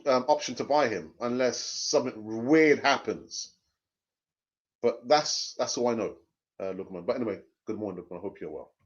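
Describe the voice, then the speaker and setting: A man's voice: medium pitch, a little mellow. A man hosting a live fan stream, reading viewer comments and arguing his views with passion, often repeating phrases for emphasis. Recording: dull lo-fi stream audio.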